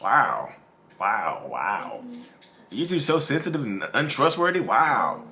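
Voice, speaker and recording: A man's voice: medium pitch, sing-song, slow, pushed and bright, full character voice. A man voicing a mocking, gaslighting partner who brushes off a confession as a joke, repeating "wow" incredulously.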